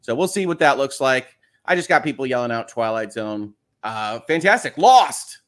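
A man's voice: mid-range voice, moderate pace, fairly bright tone. A middle-aged man hosting a casual live stream, chatting and joking while reading out viewer greetings. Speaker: host. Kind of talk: casual livestream chat.

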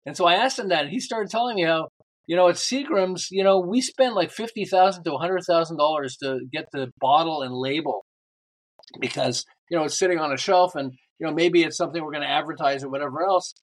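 Older male guest, lively storyteller, voices the people in his anecdotes, a bit higher than most men. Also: fairly quick. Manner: animated storyteller acting out quoted lines. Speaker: guest, book author. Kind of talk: storytelling in a podcast interview.

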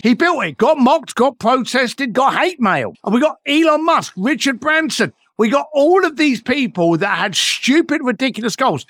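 A man's voice: very high voice, big pitch swings, moderate pace, few pauses, a bit bright, dry recording, studio quality. A middle-aged man, a podcast guest telling motivational stories in an emphatic way and swearing freely. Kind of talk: motivational storytelling.

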